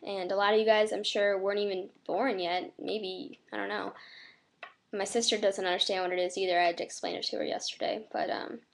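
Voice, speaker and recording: An American teenage girl vlogs to camera in an earnest, reflective way. Her delivery is flat and monotone, broken by many fillers. Her voice sits at a middle pitch. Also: fairly quick, creaky. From United States. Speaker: vlogger.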